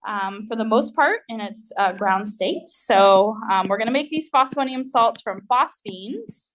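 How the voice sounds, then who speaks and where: A woman with a somewhat high voice delivers a recorded university chemistry lecture. She explains in a loose, conversational way, pausing on fillers and often checking in with the class. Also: a bit bright.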